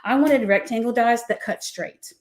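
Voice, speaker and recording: A woman's voice: on the high side, normal speed. A woman who owns a craft company, chatting casually and candidly through a product demo with lots of asides and check-ins. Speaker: craft company owner presenting new products.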